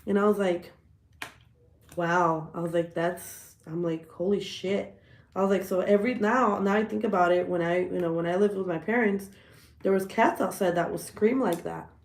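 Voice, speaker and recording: Profane, animated woman with a gravelly voice. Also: lowish voice, moderate pace, reverberant. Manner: profane, animated storytelling, laughs often. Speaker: livestream host. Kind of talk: casual livestream chat.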